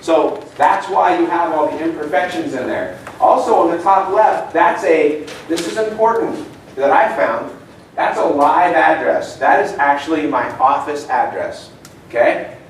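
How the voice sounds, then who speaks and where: A man's voice: fairly high pitch, unhurried. Chatty man telling stories in an echoey room. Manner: casual, chatty storytelling with audience questions. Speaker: seminar speaker. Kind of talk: live seminar talk with anecdotes. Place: meeting room. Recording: echoey room, distant mic, faint noise.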